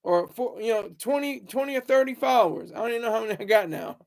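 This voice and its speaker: A young man with a high voice rants in a loose, rambling way, sometimes swinging loud to taunt his critics. He talks straight to his viewers in a casual stream. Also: animated, quick pace, creaky. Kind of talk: casual livestream rant.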